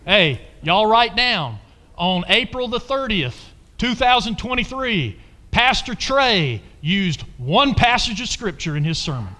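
Bright, animated pastor preaching. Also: male voice, sits high, a little slow. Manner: emphatic, swings between loud preaching and quiet asides. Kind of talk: sermon. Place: church sanctuary. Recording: long reverb of a large church hall.

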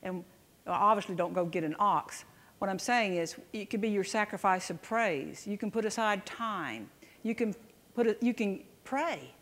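A woman's voice: medium pitch, moderate pace, a bit bright. Woman preaching in an echoing hall. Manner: conversational, emphatic, frequent restarts and "right?" asides. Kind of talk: sermon. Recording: long hall reverb.

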